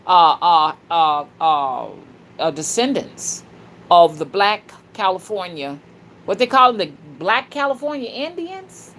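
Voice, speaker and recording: A woman hosting a spiritual livestream, talking fervently and casually to her viewers, with sudden loud shouts. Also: fairly low pitch, animated, takes it slowly, a little hiss or hum. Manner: casual and slangy, calls listeners "y'all" and "honey". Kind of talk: livestream talk reading viewer comments.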